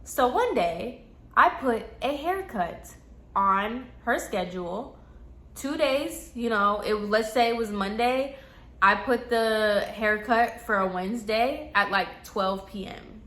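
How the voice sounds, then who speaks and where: A woman telling a casual story to camera, chatty and animated, peppering her speech with "like" and acting out quotes. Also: a little high, slow pace. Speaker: storytime vlogger. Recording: echoey room.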